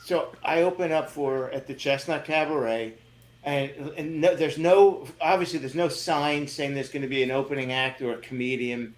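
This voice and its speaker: A comedian telling lively, self-mocking stories in a casual chat. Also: male voice, mid-range voice, moderate pace. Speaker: comedian guest. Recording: echoey room, faint noise.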